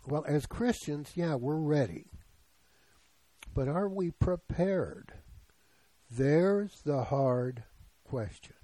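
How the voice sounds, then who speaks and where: A man's voice: a little high, lively intonation, slow pace, pauses often, mellow, no echo, poor audio. A man in his seventies preaching a sermon in a conversational way, often putting questions to the congregation. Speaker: pastor.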